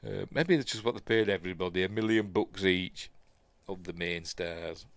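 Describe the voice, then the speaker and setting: A man's voice: sits low, normal speed, no echo. A man with a Yorkshire accent hosting a live news stream, reading headlines aloud and then chatting about them casually with plenty of fillers. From Yorkshire, England.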